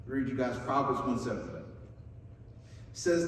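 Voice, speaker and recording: A man's voice: medium pitch, huge pitch swings, fairly quick, pauses often. A young man preaching a youth sermon in an upbeat, chatty way, often checking in with his listeners. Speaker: youth pastor. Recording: echoey hall, mic far off, faint noise.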